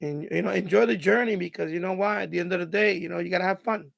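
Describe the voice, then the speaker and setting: A man hosting a live stream in casual chat, his voice raspy and hoarse from hours of talking, giving rambling advice full of "you know" and restarts. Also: sits high, fast talker, a bit bright, dry recording, studio quality.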